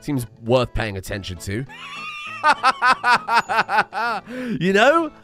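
Lively West Country man streaming a game. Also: high-pitched, extremely slow, soft background music. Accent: West Country English. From West Country of England. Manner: chatty, joking, swears freely. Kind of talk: casual let's-play commentary.

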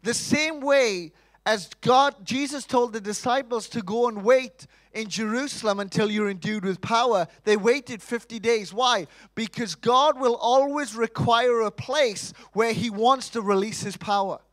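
A man preaching a sermon in church, animated, asking rhetorical questions and acting out quotes. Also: very high voice, a little slow.

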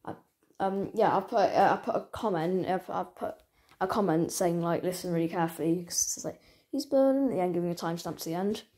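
A woman chatting casually to her channel's viewers, rambling and halting with many restarts. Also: on the low side, fairly even intonation, mellow. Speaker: channel owner. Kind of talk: casual vlog chat.

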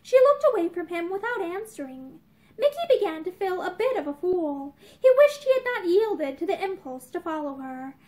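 A young woman reading a novel aloud to camera, with measured storytelling and dramatic emphasis. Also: extremely high pitch, big pitch swings, mellow. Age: young adult. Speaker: narrator. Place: indoors, room with bookshelves.

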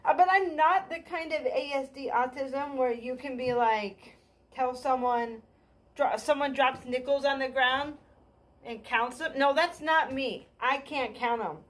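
Woman stand-up, high-pitched, scattered and self-deprecating, trails off and restarts. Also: unhurried. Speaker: stand-up comic. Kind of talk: rambling comedy monologue.

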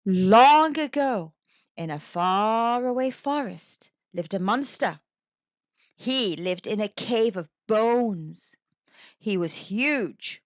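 A woman storyteller reading a children's picture book aloud in a slow, very expressive way. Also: medium pitch, no echo, lo-fi sound.

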